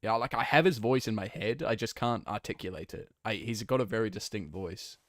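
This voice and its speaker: A man's voice: lowish voice, a little fast, fairly bright tone, no echo, clean studio sound. A young man streaming a game, chatting casually and laughing, flustered and rambling. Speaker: gaming streamer.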